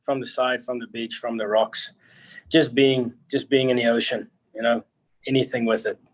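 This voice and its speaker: A young man, answering interview questions in an easygoing, halting way. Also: mid-range voice, little pitch movement, low-quality recording. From South Africa. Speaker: rugby player guest.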